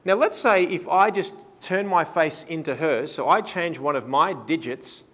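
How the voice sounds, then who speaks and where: Man, workshop presenter, fairly high voice, playful, reverberant hall sound. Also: moderate pace. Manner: lively, playful, acts out clients' thoughts. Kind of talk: live workshop teaching.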